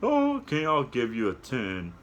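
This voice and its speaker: Gentle guy walking kids thru yoga, slow and patient, voice goes way up and down. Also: mid-range voice, wildly swooping pitch. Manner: gentle, coaxing, talks straight to the children. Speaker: children's yoga story reader. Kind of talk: guiding kids through yoga poses.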